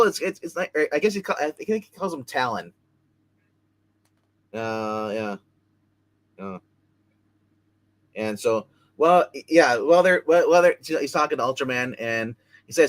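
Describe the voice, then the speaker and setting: A man's voice: medium pitch, lively intonation, moderate pace, pauses often. Rambling man recapping comics. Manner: rambling recaps with many fillers and restarts. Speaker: comic book reviewer. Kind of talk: casual live review chat.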